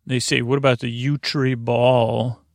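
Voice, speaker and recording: A man's voice: mid-range voice, little pitch movement, no room sound, clean studio sound. A man recapping an episode in a casual, rambling way, full of fillers and restarts. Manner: halting, lots of "uh" fillers and restarts; quotes characters in a plain voice. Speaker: podcast host recapping an episode.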